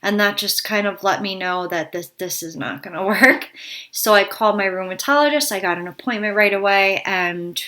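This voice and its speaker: Speaking at a normal speed, a woman with a mid-range voice sounds pushed and bright. She's a health vlogger talking casually to her viewers about her health, open and concerned, a little winded, repeatedly beginning her sentences again.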